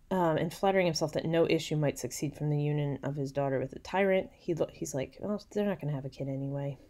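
A woman's voice: deep voice, a little fast, warm tone. A young woman giving a casual literature lecture, reading old text aloud with drama and then retelling it in slangy modern paraphrase.

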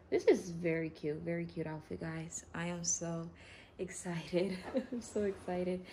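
A woman hosting an unboxing vlog, talking in an excitable, gushing way and repeating herself. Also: fairly low pitch, gravelly, a little hiss or hum. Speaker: reborn doll channel host.

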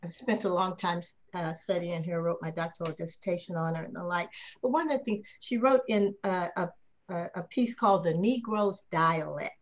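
Woman historian on a panel, fairly low voice, pauses and restarts often. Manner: thoughtful, many fillers and restarts. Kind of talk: panel discussion.

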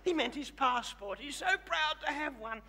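A very high, fluting older Australian lady, performed by a man, who preens as a glamorous megastar and coos teasing endearments at the crowd. She plays it big and theatrical in a live stage comedy monologue. Her voice rings through a large theatre with long reverb and audible audience noise. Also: expressive, moderate pace. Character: flamboyant older Australian woman, glamorous self-proclaimed megastar.

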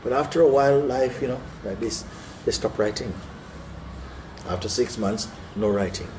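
A man and spiritual teacher telling a parable to listeners, animated and often checking in with "no?" and "you see?". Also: mid-range voice, moderate pace, a little hiss or hum. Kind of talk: storytelling in a spiritual talk.

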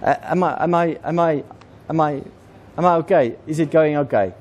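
A man's voice: a little high, moderate pace, darkish tone, highs cut off, a little hiss or hum. A man, preaching a conversational sermon to a congregation and repeating words as he goes.

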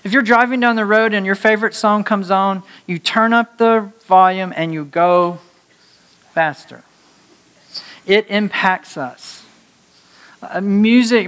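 A male pastor preaching a conversational sermon to his congregation, animated and joking, laughing at his own slips of the tongue. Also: sits high. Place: church sanctuary before a congregation.

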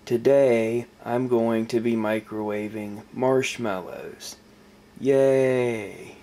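Playful man hosting a slow kitchen experiment. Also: medium pitch, darkish tone. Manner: playful, self-mocking, upbeat. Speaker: host of a microwave experiment show. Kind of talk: casual kitchen experiment vlog.

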